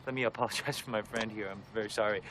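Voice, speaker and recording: An actor playing an uptight, polite young accountant who keeps apologizing nervously, on a city street at night. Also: male voice, lowish voice, fairly even intonation, rapid-fire, close to an everyday voice. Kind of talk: comedy film scene. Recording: street traffic noise.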